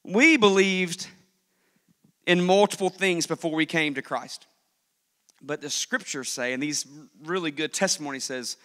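A male pastor preaching a sermon, telling stories with lively swings between hushed and loud delivery. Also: on the high side, unhurried, in a large hall. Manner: animated storytelling preacher, swings from soft to loud.

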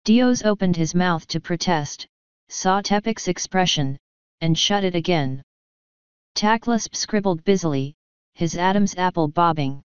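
A woman reads a story aloud in a low, very clear and smooth voice. The sound is dry and close, with a slightly dull, lo-fi edge to the recording. Her storytelling stays even and measured. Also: dry recording. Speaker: audiobook reader. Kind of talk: scripted narration.

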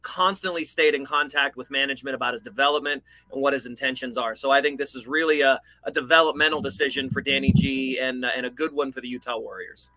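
A man's voice: medium pitch, fairly even intonation, quick pace, hardly any pauses, pushed and bright, no room sound, low-quality recording. A man co-hosting a sports podcast, giving upbeat, plain-spoken opinions. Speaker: podcast co-host. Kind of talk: casual sports podcast chat.

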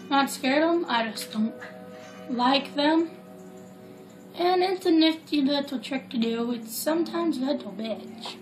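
A woman's voice: sits high, unhurried. A woman giving rambling, jokey, casual commentary while playing a video game. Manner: rambling, chatty, jokey asides. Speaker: gameplay commentator. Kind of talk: casual let's play commentary. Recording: roomy echo with loud game music.

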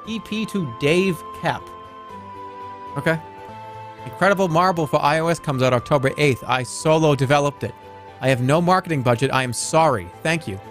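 A man in his thirties, a streamer chatting casually and joking while playing a game, reading messages aloud as he goes. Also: a little high. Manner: joking, reacting fast, reading chat aloud.

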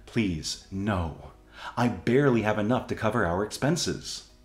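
Casting: a man doing a desperate apologetic ex, lively pitch, echoey room. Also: a little slow. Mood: pleading. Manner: pleading, apologetic. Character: remorseful broke ex-husband pleading.

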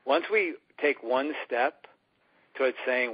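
A man's voice: medium pitch, fairly even intonation, measured pace, slightly rough. A man speaking as an earnest spiritual teacher in a conversational radio interview, often acting out the inner voices he describes. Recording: dull lo-fi radio recording.

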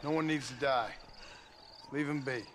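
A man voicing a hard Western gunslinger who talks in a blunt, dry, measured way. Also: mid-range voice, fairly even intonation, crowd noise, close to an everyday voice. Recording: game audio with noisy backdrop.

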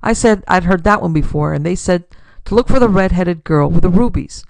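A woman's voice: lowish voice, brisk, gravelly, a little mellow, no room sound. A woman voicing a harried, brash man chewing a pipe in a pulp detective story. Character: harried tall male newsman, pipe-chewing.

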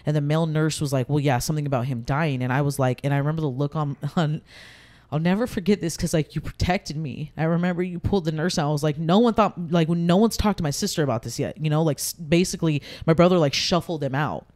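Speaking fast in a low, slightly mellow voice, a podcast guest in her thirties shares a personal story with candor. The conversation is casual, and her speech is full of fillers.

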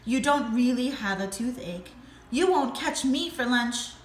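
A woman's voice: fairly high pitch, animated, a little slow, echoey room. Woman reading as a wary, knowing zebra. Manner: firm, knowing. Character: wary clever male zebra.

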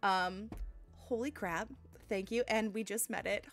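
A woman streamer chatting casually with her live audience, bubbly and giggly, thanking viewers warmly. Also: mid-range voice, steady tone, unhurried. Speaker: game streamer. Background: faint lo-fi music.

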